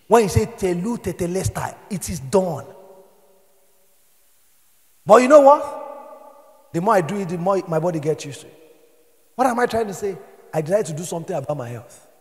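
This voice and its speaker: A Nigerian man preaching a sermon as pastor, moving between quiet storytelling and shouted exhortation. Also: sits high, big-room sound.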